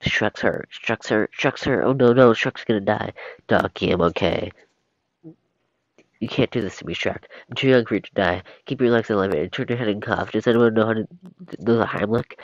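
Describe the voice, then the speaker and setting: A frantic, chatty talking donkey, voiced by a man reading a script aloud. He babbles along in a low voice. The recording is dry and dull. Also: normal speed, dry recording, close to an everyday voice. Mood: panicked. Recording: dull lo-fi stream audio.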